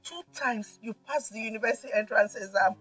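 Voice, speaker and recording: Weepy village mum, high husky voice, far off mic with faint music. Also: female voice, fairly quick, fairly bright tone, dry recording. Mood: tearful. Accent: Nigerian. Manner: pleading, mixes Igbo into English. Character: tearful poor village mother, devoted to her son. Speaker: mother. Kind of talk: film drama acting.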